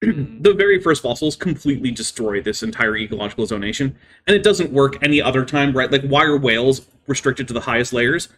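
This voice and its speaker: A man's voice: mid-range voice, fairly quick, hardly any pauses, a bit bright, a little hiss or hum. A man hosting a live stream, explaining science at length with many "I mean" fillers. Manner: careful, lecturing explanations. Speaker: livestream host.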